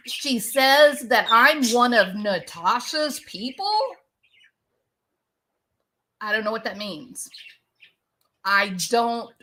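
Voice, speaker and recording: A woman's voice: on the high side, bright, forceful tone. A woman commentator giving a defensive, ranting monologue to her viewers, often repeating herself. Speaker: online commentator.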